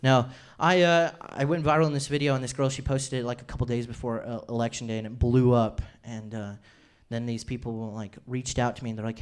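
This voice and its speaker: A man's voice: medium pitch, flat delivery, a little fast, few pauses, smooth. A man in his twenties doing a rambling, self-deprecating stand-up routine on a comedy club stage. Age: 20s.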